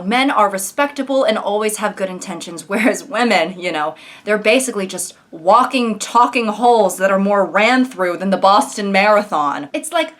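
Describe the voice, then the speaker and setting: A woman's voice: mid-range voice, fairly bright tone. A young woman giving sarcastic comedic commentary on social media posts, mocking them and slipping into exaggerated voices. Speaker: commentary YouTuber.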